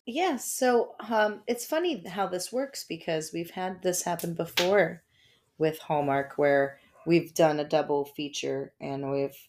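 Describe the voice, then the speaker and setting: A woman's voice: lowish voice, measured pace, background noise. A woman co-hosting a podcast at home, chatty and rambling, laughing often. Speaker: podcast co-host. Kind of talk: casual chat. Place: home by a fireplace.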